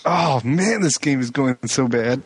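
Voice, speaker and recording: A man's voice: mid-range voice, animated, measured pace, a little hiss or hum. A man co-hosting a card game podcast, joking about his own bad luck in casual chat. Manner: self-mocking, joking.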